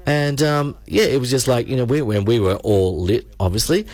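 A man's voice: mid-range voice, animated, moderate pace, darkish tone, no echo. A man, a radio host telling a rambling story in casual studio banter, full of restarts.

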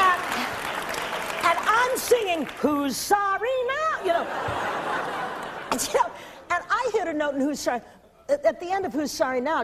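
A woman being interviewed, telling a lively anecdote, often laughing and acting out the voices she quotes. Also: high voice, background noise. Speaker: interview guest. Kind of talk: storytelling anecdote.

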